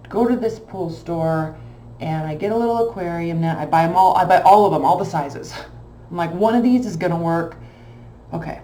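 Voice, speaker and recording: Animated storytelling woman, echoey room. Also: lowish voice. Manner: animated, emotional, rambling anecdote. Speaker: tarot reader. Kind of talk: casual storytelling. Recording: echoey room with faint background hum.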